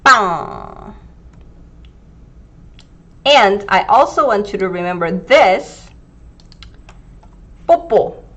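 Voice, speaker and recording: Slow-speaking Korean teacher with Gyeongsang accent. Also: female voice, medium pitch, animated, fairly bright tone. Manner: slow, careful pronunciation drills, reading viewer comments. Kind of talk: live online lesson.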